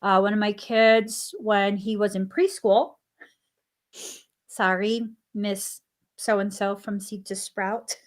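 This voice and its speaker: A woman hosts a spiritual podcast, telling a personal story in a relaxed, chatty way. She acts out the quoted lines with lively shifts in her voice and breaks into laughter now and then. Her voice sits at a middle pitch. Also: takes it slowly. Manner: animated, acts out quoted dialogue, laughs often. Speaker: podcast host. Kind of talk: casual storytelling.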